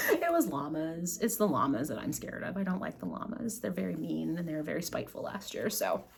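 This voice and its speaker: Lively, low-voiced woman chatting casually. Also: brisk, vocal fry, background noise. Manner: rambling, self-deprecating, chatty storyteller. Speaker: podcast host. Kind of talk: casual chat. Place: at home, in front of bags of yarn.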